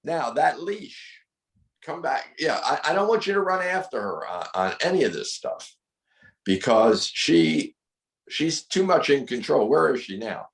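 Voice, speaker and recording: A man's voice: fairly high pitch, sing-song, unhurried, echoey room, rough recording. A man coaching a dog owner through training drills, firm and corrective, repeating his instructions. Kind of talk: hands-on coaching over a call.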